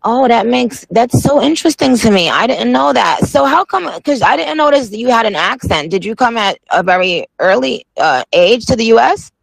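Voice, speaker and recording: A woman's voice: a little high, animated, moderate pace, creaky, few pauses, no room sound. A woman hosting a radio show, chatting with a guest in a playful, slangy, teasing way. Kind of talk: casual radio interview.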